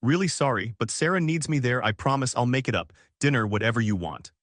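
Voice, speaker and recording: A tired middle-aged dad who sighs and pleads, guilty but quick to get defensive, his voice rising and falling a lot, read by a male storyteller. the recording is dry and close. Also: medium pitch, lively intonation, fairly bright tone, no room sound. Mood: pleading. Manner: sighing, pleading then stern.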